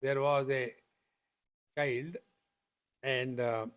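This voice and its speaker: An older man with an Indian accent gives a spiritual discourse, slowly repeating rhetorical questions. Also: mid-range voice, fairly even intonation, clean tone. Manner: slow, deliberate, repetitive teaching with rhetorical questions. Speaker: spiritual teacher.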